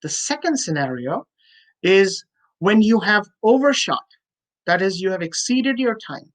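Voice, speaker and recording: A woman's voice: mid-range voice, big pitch swings, unhurried. A woman tutoring students for a speaking test in an online webinar, giving direct advice and ending nearly every point with a checking "okay?". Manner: direct, coaching tone with frequent "you know" fillers.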